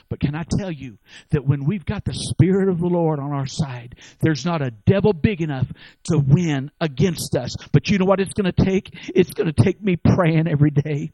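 A man preaching a sermon, telling stories and building to loud, emphatic exhortation. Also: fairly high pitch, normal speed, no room sound, poor audio.

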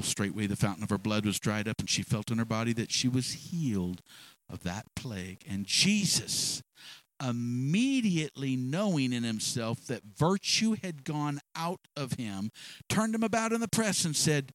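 A man preaching a sermon, impassioned and repetitive, building up to shouts. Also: mid-range voice, big pitch swings, measured pace, low-quality recording.

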